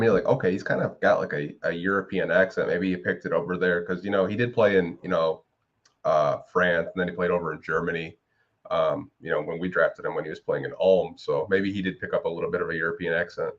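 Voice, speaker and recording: Deep-voiced guy chatting hoops on a podcast, lots of "you know", kinda muffled lo-fi sound. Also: fairly even intonation, fast. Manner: rambling, many fillers like "you know". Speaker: podcast co-host. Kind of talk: casual sports podcast chat.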